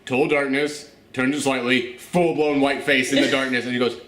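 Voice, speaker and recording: A man's voice: mid-range voice, normal speed. A man hosting a casual spoiler review of a movie, talking animatedly and swearing a lot. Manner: animated, swearing, with acted asides. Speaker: movie reviewer and channel host. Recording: echoey room.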